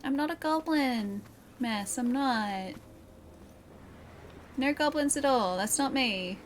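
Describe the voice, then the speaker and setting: A woman with a high-pitched, unhurried voice streams a video game, joking playfully with her chat in casual commentary. Game music plays underneath, and there's a slight hiss or hum in the recording.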